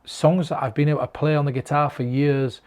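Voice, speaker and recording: A man from northern England records himself on camera and speaks directly to the viewer. His voice sits a little high for a man. His delivery is earnest and encouraging, like a performer passing on practical advice. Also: fairly even intonation, brisk, darkish tone. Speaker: mentalist giving performance advice.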